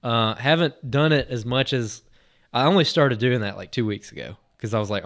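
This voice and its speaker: A podcast host with an ordinary mid-range voice tells a lively, excited story at a moderate pace. He rambles, restarts often and leans on "like" and "uh," staying relaxed and conversational as he relives the moment.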